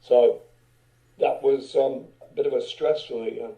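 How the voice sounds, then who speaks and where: A man's voice: medium pitch, steady tone, measured pace, warm tone, muffled recording. An older man, a guest musician, telling loose anecdotes in a casual interview, swearing and chuckling as he goes.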